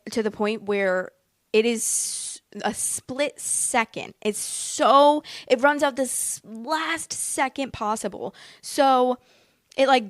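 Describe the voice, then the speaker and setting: A woman's voice: on the high side, no echo, clean studio sound. A woman telling a personal story in a casual, rambling way, packed with fillers and emotional asides. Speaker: vlogger.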